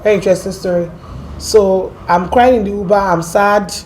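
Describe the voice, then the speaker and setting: A woman with an American accent, from Port Harcourt, telling her story as an interview guest in a lively, animated way. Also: medium pitch, normal speed, slight background noise. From Port Harcourt, Nigeria. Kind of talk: casual storytelling.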